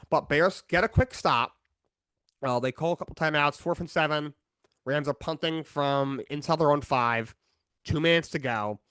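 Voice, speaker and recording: A man's voice: fairly high pitch, fairly bright tone, no room sound. A man hosting a sports show, recapping a football game casually with frustrated, opinionated rants. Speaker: sports podcast host.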